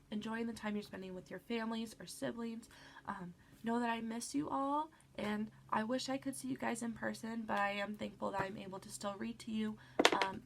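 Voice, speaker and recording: A woman's voice: a little high, fairly bright tone, a little hiss or hum. A woman teacher with a stuffy nose, patiently guiding children through a reading lesson and checking in with them often. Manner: patient, encouraging, frequent "all right" check-ins.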